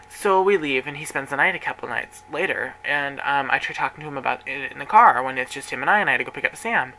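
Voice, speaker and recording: A man's voice: a little high, sharp tone, rough recording. A man who manages a workplace, telling a personal story vlog-style. He rambles, gets emotional and acts out what everyone said. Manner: rambling, emotional retelling with acted-out quotes.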